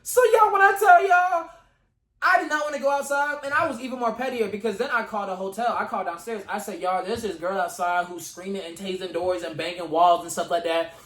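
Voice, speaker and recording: A man's voice: high-pitched, a little fast, a bit bright. A young man vlogging a casual storytime to camera, retelling events dramatically with slang and asides to his viewers. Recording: echoey room.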